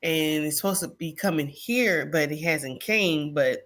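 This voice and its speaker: A woman's voice: low voice, a little slow, a bit bright. A woman co-hosting a casual chat, talking in a chatty, teasing way.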